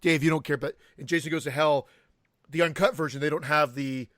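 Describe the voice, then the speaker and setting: A man's voice: a little high, steady tone, brisk, a bit bright, no echo, clean studio sound. A man co-hosting a horror movie podcast in casual chat, joking, laughing often and acting out bits. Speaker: podcast co-host.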